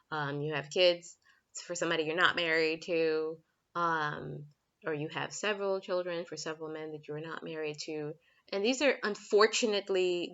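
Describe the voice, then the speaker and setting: A frank, chatty woman giving relationship advice in a home vlog. Her voice sits low and sounds bright and forceful. The recording is dull and lo-fi. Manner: chatty, frank, laughs often, breaks off to talk to her kids. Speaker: relationship coach. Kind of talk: casual talking-head vlog.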